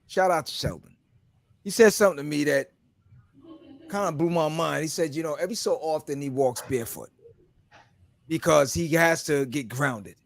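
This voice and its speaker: Gravelly-voiced man telling animated stories. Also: fairly high pitch, normal speed, long pauses, no echo. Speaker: podcast co-host. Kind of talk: casual barbershop chat.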